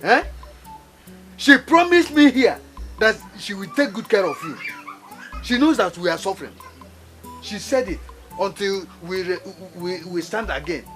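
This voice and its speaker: A man's voice: high-pitched, lively intonation, measured pace, long pauses, a bit bright. Nigerian father, desperate, pleading, voice rising and falling widely, music underneath. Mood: indignant. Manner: pleading, repeats questions insistently. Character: distraught father pleading with his hurt son. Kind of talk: film drama acting. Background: film score music.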